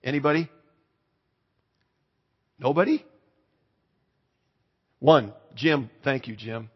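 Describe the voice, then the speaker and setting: A man's voice: medium pitch, takes it slowly, slightly rough. A man preaching a storytelling sermon in a conversational way, asking the congregation to raise their hands. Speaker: pastor. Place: church hall. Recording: echoey hall, slightly dull sound.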